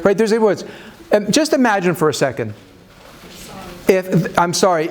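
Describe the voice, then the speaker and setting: A man with a fairly high voice lectures a live audience on marriage. He talks off the cuff, with self-deprecating jokes, and often restarts his sentences. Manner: conversational, self-deprecating humor, frequent fillers and restarts. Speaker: speaker leading a marriage seminar. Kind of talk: live seminar talk to an audience.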